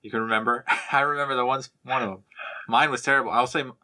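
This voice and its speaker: A man's voice: mid-range voice, fairly even intonation, fast talker, pushed and bright. A young man co-hosting a podcast in casual chat, asking questions and laughing along. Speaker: podcast co-host.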